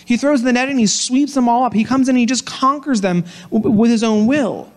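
A young adult man preaching a sermon, telling the story with lively acted-out quotes. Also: very high-pitched, a little fast. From Pennsylvania, US. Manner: animated storytelling, acts out quoted voices. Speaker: pastor.

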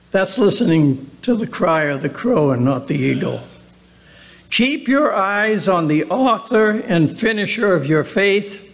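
Slow, high-voiced man preaching. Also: animated, vocal fry. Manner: earnest, slow, drawn-out preaching with rhetorical questions. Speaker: pastor. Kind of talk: sermon.

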